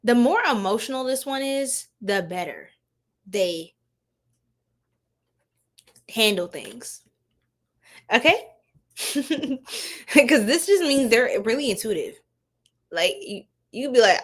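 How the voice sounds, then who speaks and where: Young woman tarot streamer, slightly high voice, unhurried, laughs a lot, slangy chat with her viewers. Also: animated. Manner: giggly, slangy, chatting to viewers. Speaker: tarot reader livestreaming. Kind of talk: casual livestream tarot reading.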